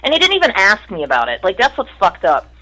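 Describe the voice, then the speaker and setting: A woman's voice: mid-range voice, huge pitch swings, fast talker, bright, forceful tone, rough recording. A middle-aged woman telling stories from her music career in casual, profane talk, mimicking the people in them. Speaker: guest musician. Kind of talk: casual storytelling.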